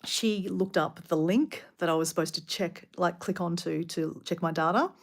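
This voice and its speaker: A woman's voice: fairly low pitch, normal speed. An older Australian woman chatting casually on a travel livestream. She rambles and laughs at herself, with plenty of fillers and restarts. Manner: chatty and self-deprecating, lots of fillers and restarts. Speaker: travel vlogger. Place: small hotel in France at night.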